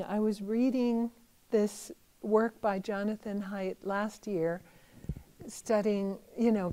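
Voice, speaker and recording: A middle-aged woman, a Buddhist teacher, giving a gentle, thoughtful talk in a conversational way with small fillers. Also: medium pitch, poor audio. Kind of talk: reflective talk.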